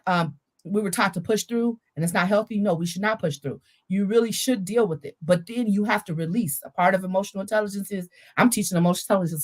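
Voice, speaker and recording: A woman hosting a casual faith-based talk on emotional health, earnest and preacherly, repeating her points for emphasis. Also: medium pitch. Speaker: podcast host.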